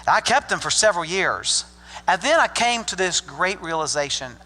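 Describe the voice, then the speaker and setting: Older male pastor from Arkansas, bright folksy delivery, joking asides, big reverberant hall. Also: high voice, lively intonation, moderate pace. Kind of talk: sermon. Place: church sanctuary.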